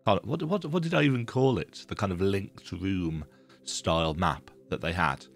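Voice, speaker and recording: A low-voiced man with a stuffy, congested nose from a cold. He rambles through his reaction to a game trailer and restarts his sentences as he thinks aloud. Soft music plays faintly underneath. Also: lively intonation, normal speed, gravelly. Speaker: gaming video creator. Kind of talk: casual reaction commentary.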